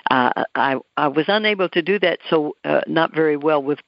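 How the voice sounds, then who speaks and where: A woman's voice: deep voice, normal speed, gravelly, no room sound. A woman telling a personal testimony in a casual way, raising her voice when she quotes others. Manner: animated retelling, raises her voice to quote others. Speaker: storyteller giving a personal testimony. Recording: dull lo-fi dry recording.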